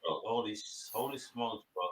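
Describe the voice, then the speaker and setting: A man co-hosting a live show, chatting excitably in slang while selling comic books. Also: fairly low pitch, normal speed, roomy sound. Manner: excitable, slangy, says "bro" and "yo". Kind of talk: casual live show chat.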